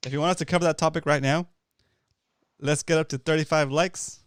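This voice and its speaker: A man's voice: fairly high pitch, fairly even intonation, fairly quick, clear, resonant tone, no echo, clean studio sound. A man co-hosting a casual fishing talk livestream, upbeat and coaching listeners step by step. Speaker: co-host of a fishing talk show.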